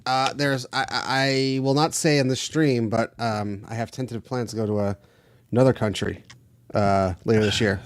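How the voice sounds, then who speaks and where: A man who is a regular on a ham radio live stream, chatting in a relaxed, hesitant way with many fillers. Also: mid-range voice, moderate pace, dry recording. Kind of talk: casual chat on a live stream.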